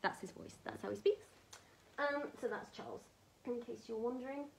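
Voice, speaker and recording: A woman chatting to camera about a haul, rambling with ums, little laughs and soft whispered asides. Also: on the high side, fast, creaky, slight background noise. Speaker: vlogger showing a merchandise haul. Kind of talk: casual chat to camera.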